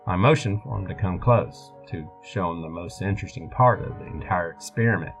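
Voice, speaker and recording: A man narrating a first-person horror story in a steady, measured way. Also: sits low, rough recording. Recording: music bed behind voice.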